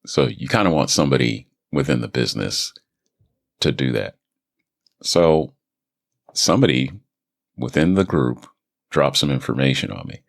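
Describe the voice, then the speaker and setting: Very deep, gravelly man rambling casually. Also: lively intonation, normal speed, long pauses. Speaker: podcast host and voice actor. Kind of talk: casual podcast monologue. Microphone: studio microphone.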